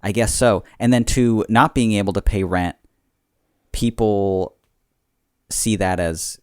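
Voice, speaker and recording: A man's voice: on the low side, fairly even intonation, slow pace, pauses often, darkish tone, clean tone, no echo, clean studio sound. A man co-hosting a podcast, talking casually in a reflective, rambling way with lots of fillers. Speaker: podcast co-host. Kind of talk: casual chat.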